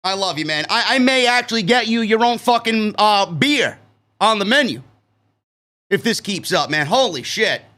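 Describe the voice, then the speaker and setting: A man from New York hosting a live-stream wrestling review, excitable and profane, tacking "man" onto his sentences. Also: high voice, moderate pace. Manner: excitable, swears freely, keeps saying "man".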